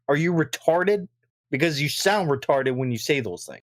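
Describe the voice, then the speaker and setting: Male podcast co-host on a profane rant, slightly high voice, dry booth sound. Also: expressive, moderate pace, no echo. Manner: ranting, profane, exasperated.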